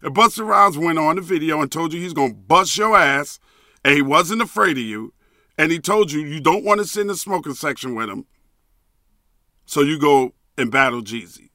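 A man's voice: a little high, lively intonation, moderate pace, pushed and bright, no room sound, studio quality. A man hosting a podcast, ranting emphatically and profanely and repeating a catchphrase. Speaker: podcast host. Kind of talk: solo podcast rant.

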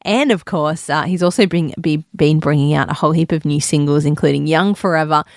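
A woman's voice: deep voice, a little fast, dry recording. A young adult woman hosting a radio show, friendly and upbeat as she interviews a guest. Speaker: radio host. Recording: dry studio, faint music behind.

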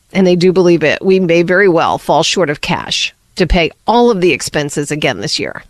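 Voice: mid-range voice, no room sound. A radio host reading the morning news and weather in a chatty way, with many asides and fillers. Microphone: studio microphone.

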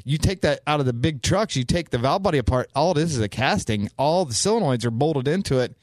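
A man's voice: on the high side, lively intonation, fast, no echo. A middle-aged man co-hosting a car talk radio show, enthusiastic and rambling, often restarting his sentences. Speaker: radio co-host. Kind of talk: casual talk radio banter.

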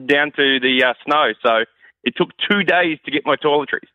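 A man calling in to radio over a tinny phone line. His voice sits a little high, and he tells his story in a dry, grumbling way. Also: normal speed, pushed and bright, no room sound. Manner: wry, complaining. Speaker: caller. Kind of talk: telling a travel story.

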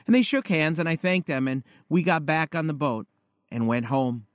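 A man's voice: on the high side, animated, moderate pace, no echo, studio quality, lightly acted. A man reading aloud the letter of an eight-year-old blind girl to her grandfather, in an earnest, confiding manner. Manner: earnest, wide-eyed, confiding.

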